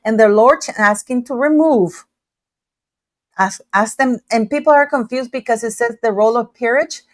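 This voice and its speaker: A woman hosting a livestream, chatting casually and emphatically, speaking loudly on purpose. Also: a little high, moderate pace, no echo. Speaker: livestream host. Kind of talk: casual live chat commentary.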